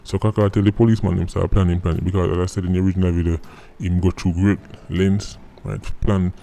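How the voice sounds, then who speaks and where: A man's voice: low-pitched, little pitch movement, quick pace, vocal fry, few pauses, mellow. A man with a Jamaican accent hosting a political commentary vlog, sardonic and mocking, firing off rhetorical questions. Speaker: vlog host. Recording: faint background music.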